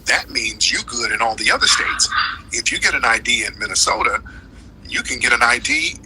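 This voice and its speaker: A man hosting a live stream rants through political commentary, heated and slangy, leaning hard on his points. His tone is strikingly bright and cutting. Faint background noise sits under the voice. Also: mid-range voice, animated, normal speed, poor audio.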